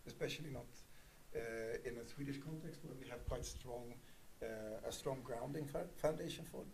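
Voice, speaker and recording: Give me a mellow-voiced man on a panel, pausing and searching for words. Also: mid-range voice, gravelly, slight background noise, poor audio. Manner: hesitant, many fillers, thinking aloud. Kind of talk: panel discussion.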